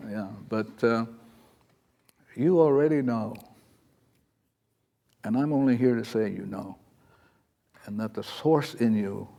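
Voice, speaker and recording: A man speaks to a live audience in a mellow, warm tone, drifting from thought to thought. He sounds chatty and informal, often slipping into small acted-out voices to make his point. His pitch sits in an ordinary middle range. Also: normal speed, pauses often. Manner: rambling, chatty, acts out little quoted voices. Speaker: spiritual teacher. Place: talk in front of an audience.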